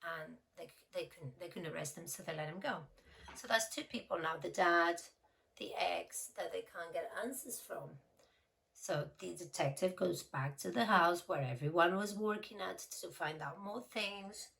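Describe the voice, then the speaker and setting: Woman with a gravelly voice. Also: lowish voice, normal speed, a bit bright, far from the mic, low-quality recording. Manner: chatty, emotional, retells dialogue. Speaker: true crime storyteller. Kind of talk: casual storytelling vlog.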